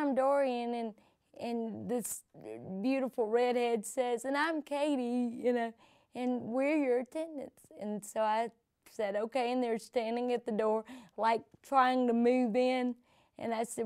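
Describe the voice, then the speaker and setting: A woman's voice: on the high side, a little mellow, no echo, clean studio sound. A middle-aged woman from the American South recounting her life in a conversational oral-history interview, with frequent restarts and asides. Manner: conversational storytelling with many restarts and "you know". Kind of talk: personal storytelling interview.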